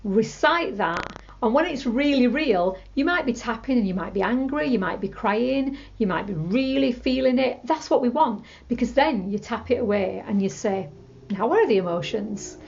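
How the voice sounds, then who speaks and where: A woman teaching a tapping technique, calmly repeating example phrases as she explains. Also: on the high side, normal speed, gravelly, dull audio. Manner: calm, repetitive, demonstrates scripts aloud. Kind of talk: instructional talk to camera.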